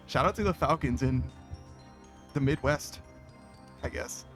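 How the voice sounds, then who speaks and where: A man's voice: medium pitch, drawn-out words, a bit bright, soft background music. A man streaming a game, chatting casually and reading out chat, laughing often, swearing freely and rambling with lots of fillers.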